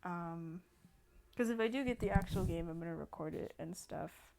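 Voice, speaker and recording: A woman's voice: on the low side, normal speed, vocal fry, darkish tone. Chatty young woman commentating gameplay. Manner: chatty and rambling, with many fillers and restarts. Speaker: gaming channel host.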